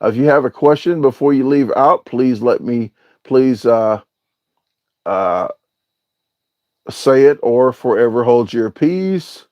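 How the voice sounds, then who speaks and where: A man chats his way through a casual livestream, reading viewer comments aloud and wandering through his answers with plenty of hesitant filler sounds. His voice sits at a mid pitch, recorded close and dry with a slightly dull, lo-fi tone. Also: lively intonation, takes it slowly, long pauses, no room sound. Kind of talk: casual live-stream chat.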